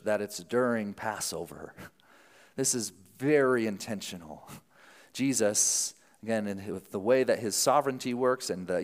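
A man preaching a sermon in a casual, animated style, often restarting his sentences. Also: fairly low pitch, long reverb tail. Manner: conversational, animated, self-interrupting. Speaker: pastor. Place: church sanctuary.

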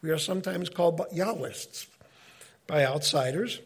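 A middle-aged man giving an informal Bible teaching, talking in a conversational, animated way and often breaking off mid-sentence. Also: on the high side, normal speed, slightly rough. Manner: conversational, animated, self-interrupting.

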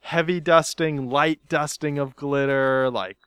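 A man's voice: on the high side, fairly even intonation, unhurried, fairly bright tone, clean tone, dry recording. A man hosting a casual podcast, teasing his co-host and laughing often.

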